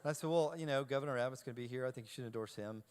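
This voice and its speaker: A man giving a talk to a youth audience, telling a self-deprecating anecdote in a lively way and acting out each exchange. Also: mid-range voice, very fast, smooth. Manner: animated storyteller, self-deprecating, acts out dialogue. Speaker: keynote speaker. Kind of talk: humorous anecdote told to a live audience.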